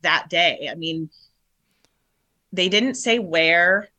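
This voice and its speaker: Shaken low-voiced woman telling her story. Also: sharp tone, muffled recording. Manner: halting, with many restarts and fillers. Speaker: guest. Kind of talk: emotional personal storytelling.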